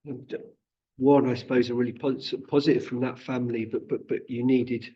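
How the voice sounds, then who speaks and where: A man's voice: medium pitch, little pitch movement, brisk, dark tone, muffled recording. A man moderating a seminar panel, asking questions in a hesitant way with repeated words. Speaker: seminar host.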